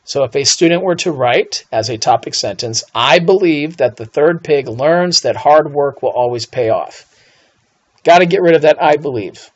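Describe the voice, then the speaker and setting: A man's voice: on the high side, expressive, moderate pace. Playful man teaching a writing lesson. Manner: playful, theatrical asides and mock outrage. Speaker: English teacher. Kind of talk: recorded classroom lesson on writing. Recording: dull lo-fi voice recording.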